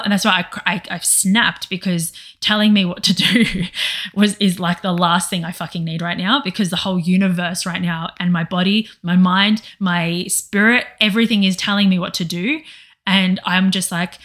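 A woman's voice: lowish voice, steady tone, normal speed, fairly bright tone. A woman co-hosting a podcast, talking in a rambling, emotional way, with many restarts and some swearing. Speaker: podcast co-host. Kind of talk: casual chat.

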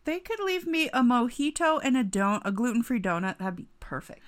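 A woman's voice: on the high side, very animated, fairly quick. A woman co-hosting a podcast in casual chat, full of playful mock outrage and frequent laughter. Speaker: podcast co-host.

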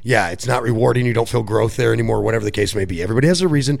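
Gravelly man on a podcast. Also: lowish voice, racing, crowd noise. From Puerto Rico. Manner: loose, swearing, laughs often. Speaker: podcast co-host. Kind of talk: casual chat.

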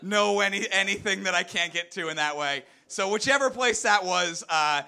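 A man's voice: sits high, moderate pace, bright, forceful tone. A man competing in a live comedy game, rambling wryly and restarting his sentences. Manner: rambling, self-interrupting, wry. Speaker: comedy contestant. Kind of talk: improvised comedy riffing.

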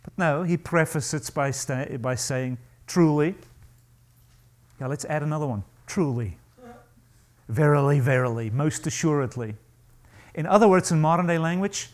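A male pastor preaching a sermon to a congregation, emphatic and animated, acting out the voices he quotes. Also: fairly high pitch, normal speed.

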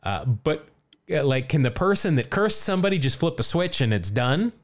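Man, podcast host, casual storytelling, jokey, animated pitch. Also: normal speed. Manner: jokey, chatty, laughs often.

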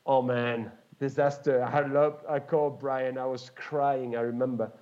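A man from France with a French accent, a guest telling lively stories in casual conversation, acting out the voices of the people in them. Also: mid-range voice, moderate pace, lo-fi sound. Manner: animated, acts out voices in his stories, laughs often. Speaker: guest, former pro mountain biker. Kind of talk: casual storytelling.

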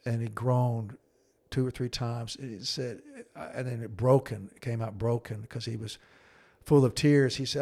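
Middle-aged man, earnest, halting storyteller, drops to a hushed low voice for quotes, average pitch. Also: gravelly. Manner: earnest, halting, with frequent restarts and fillers. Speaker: podcast co-host and counselor. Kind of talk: conversational storytelling.

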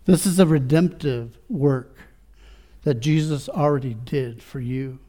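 A male pastor preaching a sermon, using many rhetorical questions and swinging between quiet reflection and rising fervor. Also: mid-range voice, unhurried.

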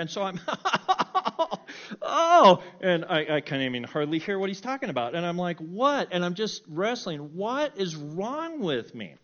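Animated man preaching a personal story. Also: high-pitched, dull audio. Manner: animated, self-mocking, laughs often. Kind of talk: storytelling sermon.

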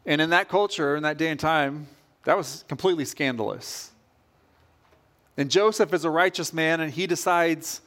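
A man's voice: a little high, moderate pace, fairly bright tone. A male pastor preaching a sermon, telling a story and acting out the people in it with rising energy. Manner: storytelling, acts out quoted voices with rising energy.

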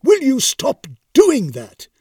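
A man's voice: a little high, sing-song, moderate pace, a little mellow, no echo, studio quality, distant mic. A man voicing a weary, indignant Grim Reaper. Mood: flustered. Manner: indignant, plaintive complaining. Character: weary put-upon male Grim Reaper spirit.

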